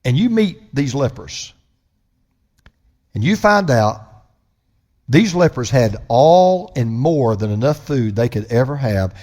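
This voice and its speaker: A man preaching a sermon as pastor, impassioned, swinging from loud proclamation to hushed storytelling. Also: mid-range voice.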